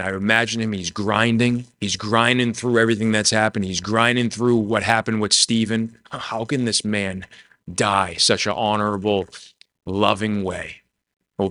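A man preaching a sermon in a conversational way, dropping soft and low when he voices quoted words. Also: no room sound. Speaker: pastor.

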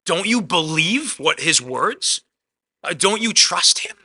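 A male pastor delivers a conversational sermon, his voice very bright and cutting, pitched a little high for a man. He leans hard on some lines and drops almost to a murmur on others, and he keeps slipping a casual "man" into his preaching. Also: very animated, slow pace. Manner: swings between loud emphatic lines and soft quiet asides.

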